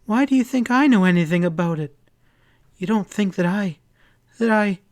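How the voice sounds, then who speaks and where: Guy doing a scared young woman in a western audiobook, high strained voice, stammers and cries out. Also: expressive, moderate pace, a little mellow. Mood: bewildered. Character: frightened young woman accused of murder.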